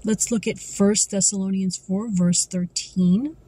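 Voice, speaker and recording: A woman giving an earnest devotional talk as a Christian vlogger, reading scripture slowly and carefully. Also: mid-range voice, fairly even intonation, warm tone, breathy edge, low-quality recording.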